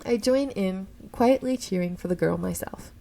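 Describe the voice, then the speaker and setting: A woman reading a visual novel aloud in the first person. Her voice is mellow, with a gravelly fry. She reads expressively and corrects her own slips as she goes. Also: mid-range voice, normal speed, rough recording. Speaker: game streamer reading a story game aloud.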